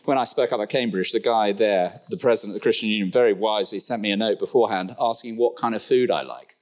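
Middle-aged guy preaching a sermon in church, jokey asides, pitch jumps all over. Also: fast. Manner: lively, humorous asides and sudden pitch jumps.

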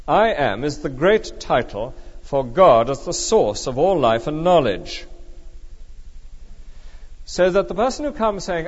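A man delivers an emphatic, measured sermon, walking his congregation through a passage verse by verse. His pitch rises and falls in a lively way. The sound is dull and lo-fi, with a long reverb trailing off in a church. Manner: emphatic, measured expository preaching. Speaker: preacher.

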